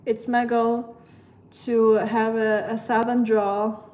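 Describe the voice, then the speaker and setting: A woman's voice: a little high, little pitch movement, slow, a little mellow. A woman from Germany with a German accent, chatting casually and rambling with lots of fillers on a livestream. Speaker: live streamer.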